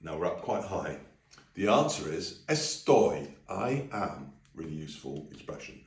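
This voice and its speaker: A man leading a friendly singing and language lesson, breaking into high sung phrases to demonstrate. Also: expressive, normal speed, darkish tone, echoey room, distant mic. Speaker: music teacher.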